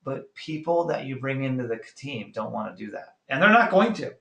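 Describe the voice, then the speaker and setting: Energetic man giving a roomy motivational talk. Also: medium pitch, normal speed, gravelly. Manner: energetic, asks rhetorical questions, acts out quotes. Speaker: network marketing trainer. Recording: roomy echo.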